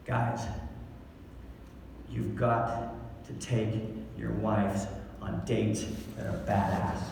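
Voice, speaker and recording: A man's voice: medium pitch, steady tone, slow, gravelly, pauses often, far from the mic, background noise. Brash man hyping a crowd. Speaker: motivational speaker. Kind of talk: energetic stage talk. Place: large event hall. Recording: echoey hall, mic heard from afar.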